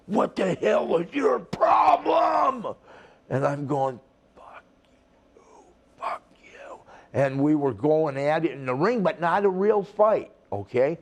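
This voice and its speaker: An older man, a retired wrestler, telling a rambling, profane story in a casual interview. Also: mid-range voice. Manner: rambling, profane, acts out the people in his stories.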